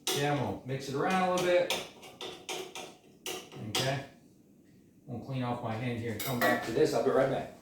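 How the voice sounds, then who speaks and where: A home cook gives a casual, folksy demonstration in his kitchen, walking through a dish step by step. His voice is medium-pitched and fairly quick, with frequent pauses. The room is echoey, the mic sits far off, and cooking noise comes through.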